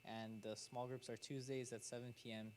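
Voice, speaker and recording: A man's voice: medium pitch, flat delivery, moderate pace, darkish tone, slight background noise. A man giving casual church announcements in a hesitant way, often stopping with fillers and restarts. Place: church sanctuary.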